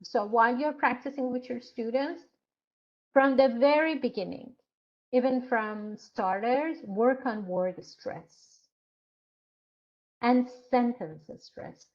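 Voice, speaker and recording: A woman instructor lectures in a slightly high voice, taking her time and pausing often to find her words. Her delivery is very slow and patient. The sound is muffled and lo-fi, like an online class. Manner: slow, explanatory, with frequent hesitations.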